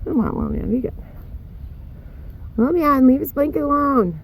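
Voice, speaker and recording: Lively high-voiced woman chatting to her horses. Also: moderate pace, vocal fry, slight background noise. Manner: chatty, talks to the animals in baby-talk. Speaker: barn owner vlogger. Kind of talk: casual vlog chat with horses. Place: outdoor barn and paddocks.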